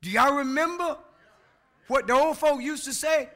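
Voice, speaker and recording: A man with a very high voice, speaking at normal speed, preaches a sermon. He shouts his key words and banters with the congregation through folksy asides.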